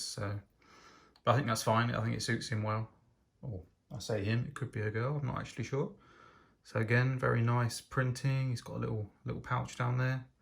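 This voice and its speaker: Man, casual review, enthusiastic, hesitant, gravelly, mid pitch. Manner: enthusiastic, hesitant with frequent ums. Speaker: LEGO reviewer.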